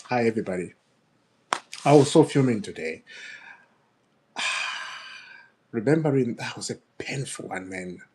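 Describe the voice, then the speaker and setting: A man hosting his own football fan channel, ranting in an upset, animated way, laughing and repeating himself. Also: medium pitch, unhurried, pauses often, slight background noise. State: upset, fuming. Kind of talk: ranting video commentary.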